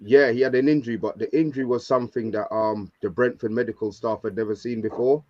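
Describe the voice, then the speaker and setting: A man's voice: medium pitch, steady tone, quick pace, dry recording. A man giving his picks as a panelist in a casual football chat, laid-back with hesitant fillers. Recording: dull lo-fi sound.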